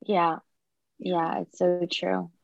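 Gravelly-voiced woman guest on dull line. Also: on the low side, flat delivery, slow. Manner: casual, chatty, many "like" fillers. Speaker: interview guest, beauty school owner. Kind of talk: casual interview chat.

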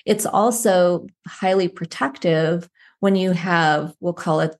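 A woman with a notably low voice, speaking as a psychologist guest on an interview show. She tells stories in a thoughtful, unhurried way, easing from one point to the next. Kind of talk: conversational interview.

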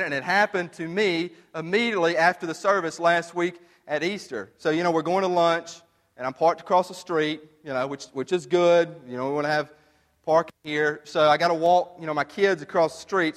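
A man preaching a sermon as pastor, casual and storytelling, shifting from animated to hushed. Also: on the high side, a little fast. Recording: long reverb of a large room.

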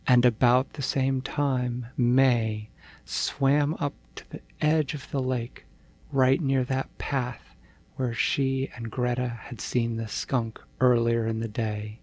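A man reading a bedtime story aloud in a gentle, unhurried storytelling manner. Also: mid-range voice, little pitch movement.

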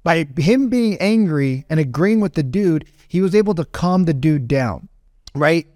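A man in his late thirties or forties, a podcast host telling a rambling, animated story in casual talk. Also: on the high side, a little slow, no echo, studio quality. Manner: rambling, animated, acts out quoted voices.

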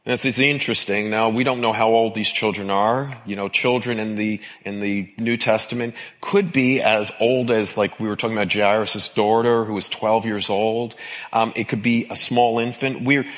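A man preaching a sermon as pastor, with emphatic repetition and an expressive delivery. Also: on the low side, normal speed.

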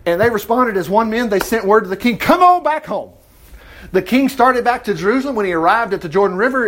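A man teaching an informal Bible study, reading scripture aloud and breaking in with lively comments. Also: high voice.

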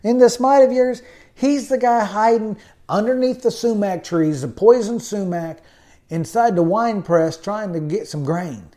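Emphatic preaching man, mellow voice. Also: high-pitched, a little slow. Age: adult with college degree. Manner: emphatic preaching with frequent amens. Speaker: pastor. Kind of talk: sermon.

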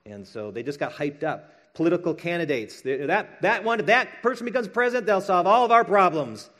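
A middle-aged male pastor delivers a sermon in a relaxed, conversational tone. His voice sits a little high for a man, and he slips into playful quoted voices to make his points. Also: fairly quick.

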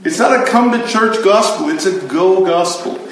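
Speaking at a moderate pace in a high, fairly bright voice, a man preaches a chatty, emphatic sermon with asides to his audience. He's a pastor teaching a Bible study, recorded in a very echoey room.

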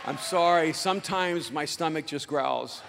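A man giving a motivational speech to a live audience, loud and emphatic, often near a shout, with slow dramatic phrasing. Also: on the high side, vocal fry, in a large hall, over a noisy crowd, very noisy. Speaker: motivational speaker.

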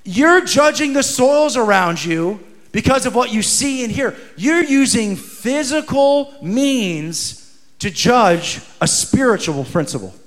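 High-voiced preacher in a reverberant hall. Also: male voice, animated, slow pace. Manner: dynamic preaching, rising to shouts and dropping to hushed asides; acts out quoted voices in conversation. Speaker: pastor. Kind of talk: sermon.

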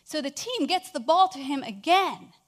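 High-voiced woman telling a sermon story. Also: normal speed. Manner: animated storytelling, swinging from hushed to loud. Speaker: speaker.

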